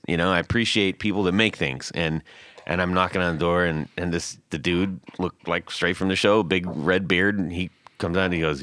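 A man hosting a podcast, chatting casually and telling stories in a jokey, animated way. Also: low-pitched, a little fast, no echo. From California. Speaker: podcast host. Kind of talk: casual chat.

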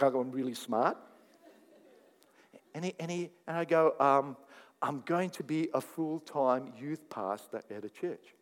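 A man preaching a sermon, telling stories and acting out conversations in an animated way. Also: on the high side. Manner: animated, laughing, acts out dialogue. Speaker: pastor. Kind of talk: sermon with storytelling. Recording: long hall reverb.

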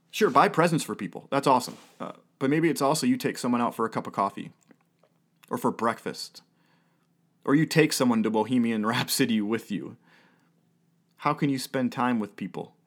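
A man in his thirties, a pastor preaching a sermon in an earnest way, with repeated phrases and rhetorical questions. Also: mid-range voice. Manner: earnest, rhetorical questions and repetition, with occasional laughs.

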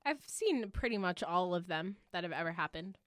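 A young woman co-hosting a casual podcast, jokey and excitable, often breaking into laughter. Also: on the low side, normal speed, dry recording, clean studio sound. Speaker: podcast co-host.

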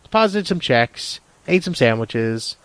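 A man's voice: mid-range voice, big pitch swings, measured pace, a bit bright, clear, resonant tone, dry recording. A young man co-hosting a podcast, chatting casually and riffing on silly, absurd bits in a rambling, goofy way. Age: young adult. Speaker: podcast co-host. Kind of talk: casual comedic banter.

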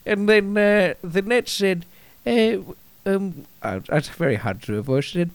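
Halting, lively-voiced man. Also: high-pitched, dry recording. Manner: rambling, halting delivery with many restarts. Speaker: podcast co-host. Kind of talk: improvised comedy banter.

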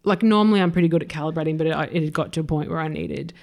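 An Australian woman co-hosting a podcast in casual chat, animated and laughing through her stories, swearing freely. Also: sits low, very fast, gravelly. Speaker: podcast co-host.

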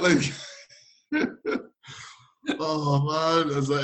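A man's voice: a little high, takes it slowly, long pauses. A man, a former footballer, casually telling an anecdote and acting out the dialogue with laughs. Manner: animated, acts out dialogue with laughs.

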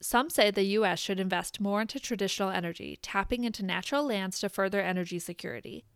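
Smooth-voiced woman reading scripted facts. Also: mid-range voice, no echo, clean studio sound. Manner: even, measured reading of figures. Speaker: podcast host. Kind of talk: scripted informational narration.

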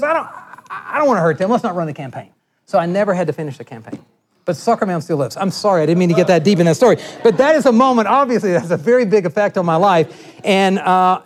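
A middle-aged man giving a lecture, telling animated workplace anecdotes and acting out the voices of people he quotes. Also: on the high side. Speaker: guest lecturer. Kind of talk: storytelling lecture.

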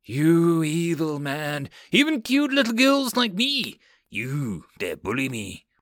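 A man voicing a bratty, tearful young girl mage who talks in whiny, high-pitched outbursts in an audiobook. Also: wildly swooping pitch, takes it slowly, a bit bright, dry recording, clean studio sound, exaggerated voice. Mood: tearful anger.

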